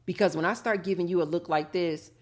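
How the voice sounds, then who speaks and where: Woman host riffing on dating, lively storyteller, slightly low voice, acts out little scenes. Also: quick pace. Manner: animated storytelling, acting out both sides of conversations. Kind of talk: live talk show monologue.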